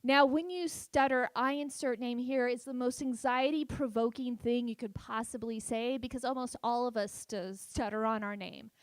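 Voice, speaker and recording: A woman in her thirties doing stand-up storytelling, stuttering on repeated sounds and delivering lines with deadpan sarcasm. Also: on the high side, normal speed, hardly any pauses, no echo. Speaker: stand-up comedian. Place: festival stage.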